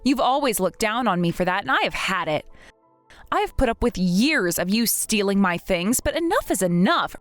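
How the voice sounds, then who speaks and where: A woman's voice: medium pitch, expressive, moderate pace, no room sound, soft background music, natural voice. A woman voicing a fed-up young woman who stands up to a snobbish rival in a text-message drama, in a firm and indignant manner.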